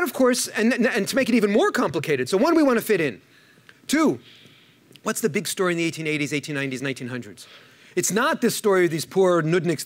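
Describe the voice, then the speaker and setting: A man with a New York accent, giving an animated, joke-filled conference talk and often repeating words as he restarts. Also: high voice. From United States. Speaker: panel speaker, historian. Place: conference room.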